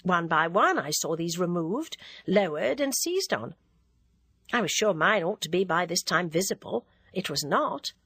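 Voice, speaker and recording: A woman narrating a classic novel as an audiobook reader, in a measured, even way. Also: on the low side, slightly rough, no room sound.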